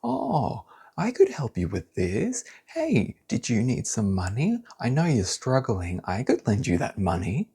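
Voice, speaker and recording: A man's voice: medium pitch, wildly swooping pitch, a little slow, vocal fry, dark tone, husky, pitched above the performer's own voice, heavily acted. A man voicing a sugary, two-faced fake friend who sounds overly sweet and pleading, as an example in a tarot reading video.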